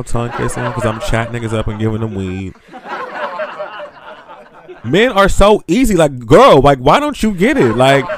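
A man's voice: fairly low pitch, vocal fry. A man hosting a podcast, ranting and gossiping in a sassy, blunt, profane way and laughing often as he talks. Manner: animated, sassy, laughs often while talking. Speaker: podcast host.

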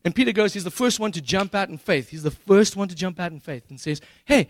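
In a dry recording, a high-voiced man talks quickly as he delivers a sermon. As pastor, he recounts scripture with easygoing humor and slang-filled paraphrasing.

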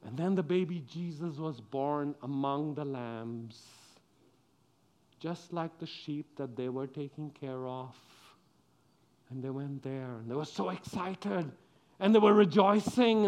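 A man's voice: fairly high pitch, measured pace, a bit bright. A middle-aged man giving a children's sermon, telling the story with animation and asking the children questions. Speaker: preacher.

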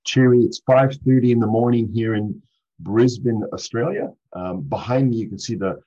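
Man, Canadian accent, podcast guest, husky voice, cheery and chatty, dull lo-fi video-call sound. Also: medium pitch, moderate pace, mellow. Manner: cheery, chatty, laughs often. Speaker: guest, clean tech executive. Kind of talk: podcast interview. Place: home in Brisbane.

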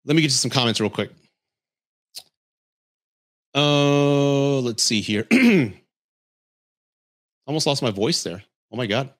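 Guy hosting a podcast, blunt and real, swears a bit, mid pitch, just chatting and reading comments. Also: expressive, slow, long pauses. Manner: blunt, candid advice with mild swearing. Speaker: podcast host. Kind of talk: casual livestream chat reading comments.

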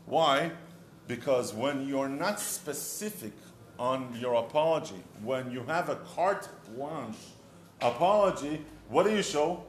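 Brief: male rabbi, lively storytelling sermon, slightly high voice, roomy echo. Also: a little slow, slight background noise. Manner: animated storytelling, addresses listener directly. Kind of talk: short humorous sermon. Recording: echoey room.

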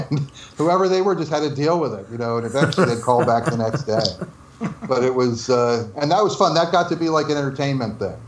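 A man's voice: medium pitch, animated, a little fast, roomy sound. A man from New Jersey telling stories as an interview guest, laughing often and acting out the dialogue he quotes. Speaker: interview guest, former game developer. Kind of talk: casual storytelling interview.

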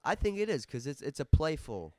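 A man's voice: fairly high pitch, sing-song, brisk, no echo, clean studio sound. A young man co-hosting a podcast in easygoing, jokey casual chat. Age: young adult. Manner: easygoing, jokey, rates things out loud. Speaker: podcast co-host.

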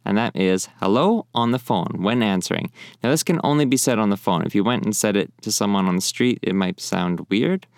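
Casual young male teacher, resonant low voice, patient and chatty. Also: no echo, studio quality. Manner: friendly, repeats phrases slowly and clearly. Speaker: language teacher. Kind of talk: casual spoken lesson.

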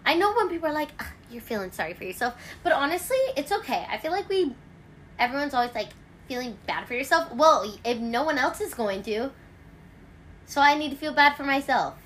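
A woman's voice: high-pitched, fairly quick, slight background noise. A woman hosting a casual chat at home, rambling through stories with lots of fillers. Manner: rambling, filler-heavy, animated storytelling. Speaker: host.

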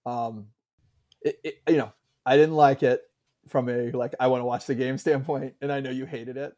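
A man's voice: medium pitch, steady tone, moderate pace, a little mellow. A man co-hosting a casual sports talk show, rambling with many fillers and restarts. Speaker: podcast co-host.

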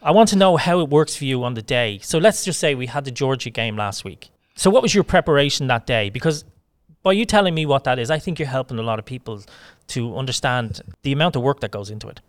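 A man's voice: medium pitch, expressive, fast talker, dry recording, studio quality. A man hosting a podcast interview, chatty and enthusiastic with a rambling way of talking. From Ireland. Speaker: podcast host. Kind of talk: casual interview chat.

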